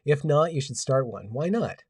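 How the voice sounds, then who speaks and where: Reading viewers' chat comments aloud, a livestream host rambles with a wry tone. He has a medium-pitched, slightly mellow voice with lively intonation and normal speed. The home-setup recording is dry and studio quality, though captured from a distance.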